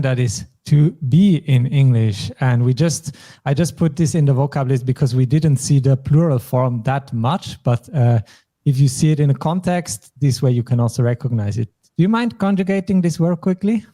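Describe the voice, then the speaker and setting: Patient man teaching German, mellow voice. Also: mid-range voice, normal speed. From German-speaking Europe. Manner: patient, explains step by step. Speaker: language teacher. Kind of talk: bilingual language lesson.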